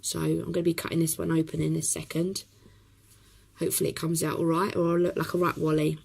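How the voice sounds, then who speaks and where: Brief: hoarse woman, chatty craft tutor, lowish gravelly voice. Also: completely flat delivery, quick pace, a little mellow, poor audio. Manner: chatty, talks while working, many ums. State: hoarse from a cough.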